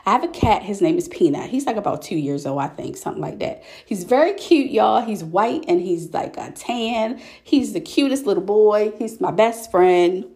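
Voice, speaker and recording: A young woman podcast host chatting casually, telling a story in an animated way and calling her listeners y'all. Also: medium pitch, moderate pace, hardly any pauses. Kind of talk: casual solo chat.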